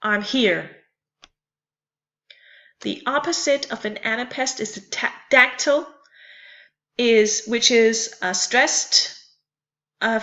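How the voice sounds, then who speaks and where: Slow, bright-voiced woman teaching. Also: fairly high pitch, lo-fi sound. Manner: careful, repeats and spells out terms. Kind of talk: slow explanatory lecture.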